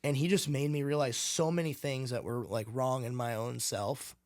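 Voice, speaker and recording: Young male guest, casual and animated, slips into voices as he retells conversations. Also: mid-range voice, moderate pace. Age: young adult. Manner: animated, swearing, acts out quoted voices. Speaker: podcast guest, real estate team leader.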